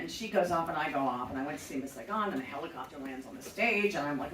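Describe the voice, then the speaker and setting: A woman's voice: low-pitched, lively intonation, quick pace, hardly any pauses, roomy sound, far from the mic, a loud crowd, rough recording. A middle-aged woman hosting a show, telling a personal story in a chatty, profane, self-mocking way. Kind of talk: casual storytelling.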